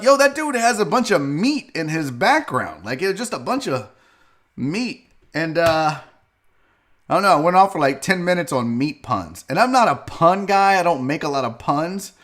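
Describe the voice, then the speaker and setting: Guy hosting a live sports stream, bright fairly high voice, swears a lot, rambles all over. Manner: profane, rambling, rowdy, drinking on air. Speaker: host of a live sports show. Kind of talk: loose live-stream talk.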